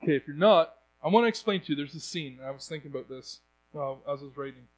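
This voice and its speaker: An earnest young man delivers a sermon in a fairly high voice. He talks plainly to his listeners and often trips over his words and starts his sentences again. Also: animated, fast, poor audio. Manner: earnest, stumbling restarts. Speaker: preacher.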